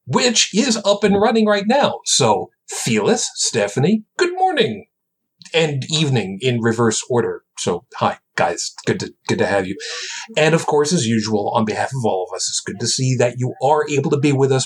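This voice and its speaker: A man's voice: medium pitch, husky. A man hosting a live podcast, talking in a rambling, jokey way. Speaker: host. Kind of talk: casual live podcast chat.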